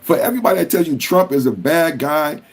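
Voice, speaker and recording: A man hosting a political commentary podcast, talking with passion and profanity and at times rising to shouts. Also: on the high side, expressive, fast, breathy edge. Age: adult with a school-age son. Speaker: podcast host.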